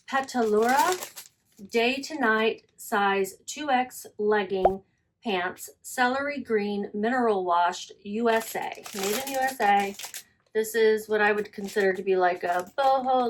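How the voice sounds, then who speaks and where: A woman talks through her recent resale sales in an easy, conversational way. She often stops to correct herself mid-sentence and reads titles and prices aloud. Her pitch is in a middle range for a woman. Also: a little hiss or hum. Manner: chatty, self-correcting, reads listing details aloud. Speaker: online reseller. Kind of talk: casual selling vlog.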